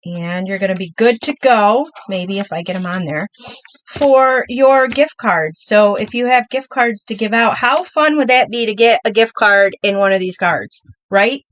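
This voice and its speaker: A woman's voice: mid-range voice, normal speed, poor audio. A middle-aged woman hosting a live crafting demo, chatty and upbeat, talking through each step while she works.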